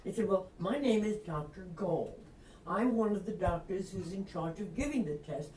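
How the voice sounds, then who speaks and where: A woman's voice: medium pitch, lively intonation, normal speed, darkish tone. An older woman from Long Island with a Long Island accent, an author telling a story in an interview, acting out quotes and laughing often. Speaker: author guest. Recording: echoey room, distant mic, faint noise.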